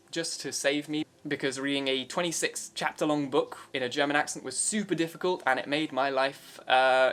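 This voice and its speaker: A man's voice: a little high, fairly bright tone. A young man, an audiobook narrator, explaining his process in a chatty, upbeat way. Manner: chatty, upbeat, with frequent fillers. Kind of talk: casual explanatory vlog talk.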